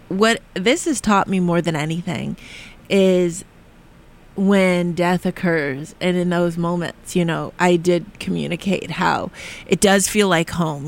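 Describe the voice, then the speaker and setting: A speaker in a radio studio giving a heartfelt, reflective monologue, halting with frequent restarts and sometimes dropping into a near whisper. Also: mid-range voice, fairly bright tone. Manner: earnest and heartfelt, drifting at times into a near whisper. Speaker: radio show speaker on grief and spirit communication.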